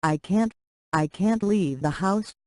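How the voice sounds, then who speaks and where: A text-to-speech voice reading the lines of a guarded, grieving teenage girl in a dialogue story, in a flat, even delivery. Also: mid-range voice, slow pace, no echo, voice pushed up, natural voice. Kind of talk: dialogue story read aloud.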